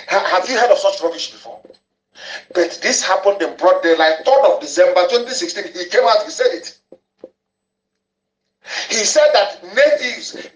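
Ranting high-voiced man. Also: fairly bright tone. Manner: angry, ranting, repeats phrases for emphasis. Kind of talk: impassioned broadcast monologue. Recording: echoey room, dull lo-fi audio.

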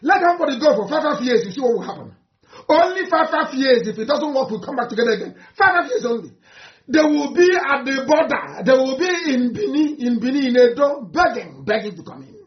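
A man with a Nigerian accent giving an impassioned speech, fiery and mocking, swinging from shouts to low mutters. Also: lively intonation, fairly quick. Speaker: activist leader addressing supporters. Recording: roomy, dull lo-fi recording.

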